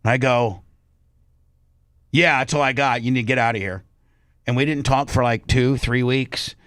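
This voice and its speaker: A man's voice: mid-range voice, normal speed, a bit bright, dry recording. A brash male talk-radio host spins a story, playing out both sides of the argument in his telling. His voice sits in a middle range and is picked up close in a dry studio.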